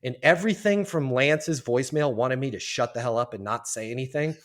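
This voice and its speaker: A man telling a story as a podcast guest, in a lively, animated way and acting out what people said. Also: mid-range voice, brisk. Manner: animated, lively storyteller who acts out quotes. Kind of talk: storytelling in a casual interview.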